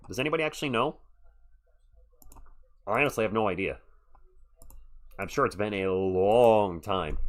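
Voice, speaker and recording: A man's voice: mid-range voice, fairly bright tone. Chatty male play-by-play streamer. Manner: chatty, answers the chat between rapid play calls. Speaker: live stream sports commentator. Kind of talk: live play-by-play and chat reactions.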